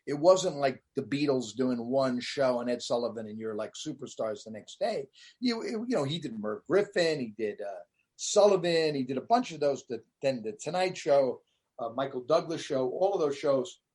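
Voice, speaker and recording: Relaxed male comedian, full of fillers. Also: mid-range voice, moderate pace. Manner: relaxed, loose talk with many fillers. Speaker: comedian guest. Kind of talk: casual interview chat.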